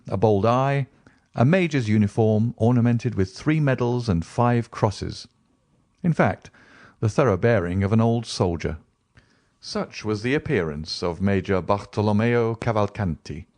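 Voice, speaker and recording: Slow, expressive male audiobook narrator. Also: fairly low pitch. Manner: deliberate, expressive storytelling. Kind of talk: scripted narration.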